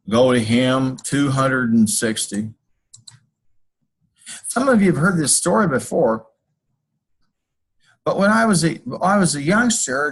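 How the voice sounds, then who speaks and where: A man's voice: fairly high pitch, creaky, slightly rough, poor audio. A man teaching a class over a screencast, walking through code and drifting into folksy personal stories. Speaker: college instructor. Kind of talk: screencast lecture.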